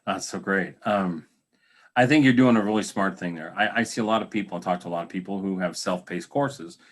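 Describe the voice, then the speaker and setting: A man's voice: deep voice, brisk. A man hosting a podcast interview, chatty and encouraging, talking with fillers and restarts. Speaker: podcast host. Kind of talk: casual interview conversation.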